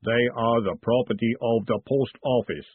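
Rumbling clay golem giant, a man puts it on, slow flat formal talk, husky tinny sound. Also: no echo, natural voice. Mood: stern. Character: huge slow, rumbling male golem servant. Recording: phone-like dry audiobook sound.

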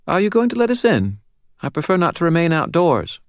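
A man voicing a serious seven-year-old girl with a faint British accent and a steady, assured, formal way of speaking. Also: a little high, fairly quick, no echo, clean studio sound, pitched above the performer's own voice. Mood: solemn. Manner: formal, solemn diction. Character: serious girl about seven, calm and ancient power.

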